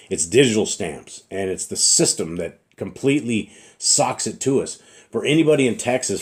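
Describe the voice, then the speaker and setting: A middle-aged man preaching in an earnest, repetitive way, clearing his throat often and fighting a slight cough. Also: fairly low pitch, darkish tone. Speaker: religious teacher. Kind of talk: informal preaching monologue.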